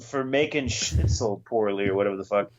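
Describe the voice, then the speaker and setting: A man's voice: lowish voice, fairly quick, lo-fi sound, voice pushed down, lightly acted. A man doing a desperate grumbling farmer. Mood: pleading. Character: desperate grumbling male farmer begging for help.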